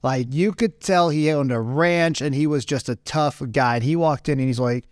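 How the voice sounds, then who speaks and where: A man's voice: fairly high pitch, normal speed, no echo, clean studio sound. A man around forty telling a rambling business story in a casual talk and keeping on asking "right?". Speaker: business speaker.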